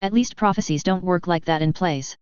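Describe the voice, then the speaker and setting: A woman's voice: on the low side, a little fast, a little mellow, clean tone, dry recording, lightly acted. A woman voicing a fierce young girl who warns with urgent intensity, in a dull, dry recording. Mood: skeptical. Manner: intense, near-shrieking warnings.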